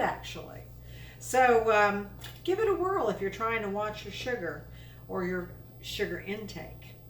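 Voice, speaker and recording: Slow-talking chatty woman cooking at home. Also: medium pitch, fairly bright tone, slight background noise. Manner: chatty, enthusiastic, folksy asides. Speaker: cooking show host. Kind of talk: casual cooking demonstration. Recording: echoey room, mic at a distance.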